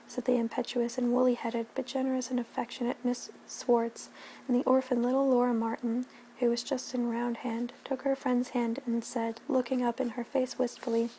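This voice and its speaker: A woman giving a gentle, soft-spoken ASMR reading of a classic novel at home, her voice dropping at times into a whisper. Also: on the high side, level tone, moderate pace, slight background noise, low-quality recording. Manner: gentle, hushed, slipping into whispers. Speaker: ASMR reader.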